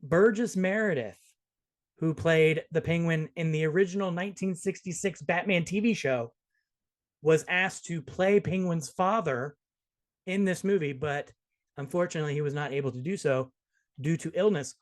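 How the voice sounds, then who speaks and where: Chatty male podcast host. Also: fairly high pitch. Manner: jokey, quick, restarts often. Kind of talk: casual movie review chat.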